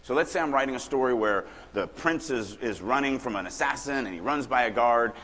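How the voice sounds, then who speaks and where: A man's voice: medium pitch, brisk. Man lecturing in a reverberant hall. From Louisiana. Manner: casual, animated, acts out quoted lines. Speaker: writing workshop speaker. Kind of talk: conference talk on craft. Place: conference hall. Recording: long hall reverb, faint room noise.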